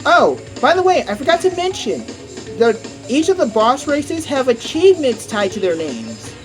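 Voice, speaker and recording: Excitable young man commentating a game. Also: very high-pitched, moderate pace. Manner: excitable, chatty, curses at the game. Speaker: gameplay commentator. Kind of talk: casual gameplay commentary. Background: game music.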